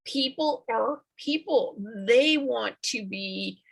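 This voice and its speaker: A middle-aged woman hosting a podcast interview, encouraging her guest with warm affirmations. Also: fairly high pitch, lively intonation, slow, vocal fry, slightly rough. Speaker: podcast host. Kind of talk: conversational interview.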